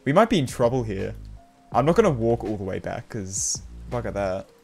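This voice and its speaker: A young Australian man giving live commentary on his own gameplay as a streamer, reacting aloud with slang and quick laughs. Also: lowish voice, very animated, vocal fry, faint music behind. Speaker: game streamer.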